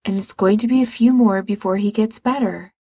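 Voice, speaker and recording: A woman's voice: medium pitch, brisk, warm tone, slightly rough, no echo. A woman voicing a tired, practical young man. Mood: patient. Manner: patient but exasperated. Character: weary, practical young man caring for a sick friend.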